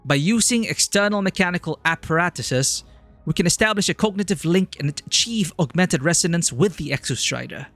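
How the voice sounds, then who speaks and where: A man's voice: a little high, a bit bright. A man voicing a formal official who presents a giant mech program, reading in a put-on generic British accent with stiff, declamatory delivery. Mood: assuring.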